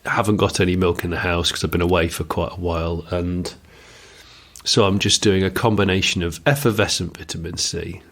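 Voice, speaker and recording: A British man with a lowish, slightly gravelly voice hosts a casual podcast. He rambles along in a jokey way, stopping often to say "um". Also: fairly even intonation, fairly quick, fairly bright tone. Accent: British English. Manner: rambling, jokey, many ums. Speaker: podcast co-host, journalist. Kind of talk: casual chat.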